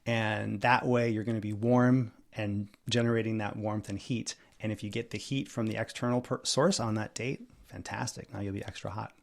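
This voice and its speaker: A man's voice: on the low side, steady tone, moderate pace, gravelly, hardly any pauses. A man talking as a guest dating coach on a podcast, enthusiastic and emphatic, telling stories. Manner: enthusiastic, storytelling, emphatic repetition. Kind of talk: casual podcast interview.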